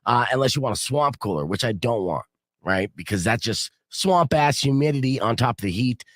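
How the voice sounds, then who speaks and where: Animated radio host with a dry studio sound. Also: male voice, mid-range voice, brisk, no room sound. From Arizona. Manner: animated storyteller, acts out quotes loudly. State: sick with a cold. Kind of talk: casual morning radio chat.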